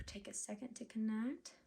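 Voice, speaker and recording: A woman's voice: on the high side, vocal fry, a little hiss or hum. Young woman reading tarot cards, chatty, sighs a lot, gets emotional. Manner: chatty, emotional, filler-heavy, sighs often. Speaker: tarot reader. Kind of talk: casual tarot reading to camera.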